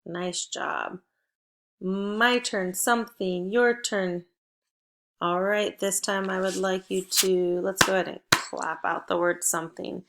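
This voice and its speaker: Teacher lady doing phonics drills for little kids, super slow and spaced out, bit of vocal fry. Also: medium pitch, fairly even intonation, fairly bright tone. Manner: slow, clear prompting with pauses. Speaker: first grade teacher. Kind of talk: phonics lesson for children.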